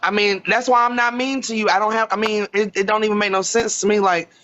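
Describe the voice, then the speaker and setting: High-voiced man, blunt and dismissive. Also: fairly even intonation, fast talker, pushed and bright, slight background noise. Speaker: live streamer. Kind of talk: heated live stream call. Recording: muffled stream audio.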